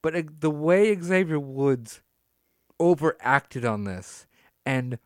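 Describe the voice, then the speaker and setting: A man co-hosting a casual wrestling podcast, animated and laughing, drawing words out for emphasis. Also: on the high side, takes it slowly, smooth, no echo, studio quality. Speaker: podcast co-host.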